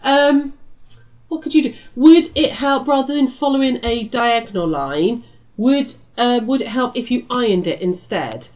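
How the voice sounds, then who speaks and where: A woman's voice: on the high side, measured pace, darkish tone. Chatty British woman teaching quilting. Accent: British English. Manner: chatty and reassuring, calls viewers lovely and love. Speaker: quilting shop host. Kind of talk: live quilting tutorial chat.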